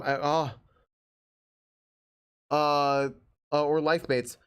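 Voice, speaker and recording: A man's voice: mid-range voice, a little fast, fairly bright tone. A man streaming live, reading an old book aloud with stumbles and frustrated asides. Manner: stumbling, swearing, exasperated asides while reading.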